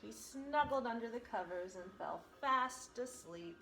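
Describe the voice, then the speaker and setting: Animated woman reading a storybook. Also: fairly high pitch, measured pace, vocal fry, reverberant, soft background music, rough recording. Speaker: teacher. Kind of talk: reading a picture book aloud.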